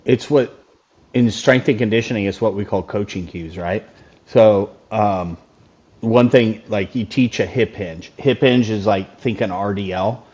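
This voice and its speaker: Blunt low-voiced man, lo-fi sound. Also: measured pace, darkish tone, breathy edge. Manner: loose and blunt, swears freely, story-driven. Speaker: guest. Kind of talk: casual podcast storytelling. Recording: dull lo-fi sound.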